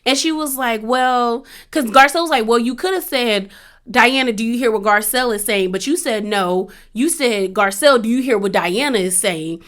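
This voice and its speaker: A woman's voice: fairly high pitch, moderate pace. A woman giving a sassy, casual recap of a reality show, acting out what the cast said. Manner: animated, sassy, acts out quotes.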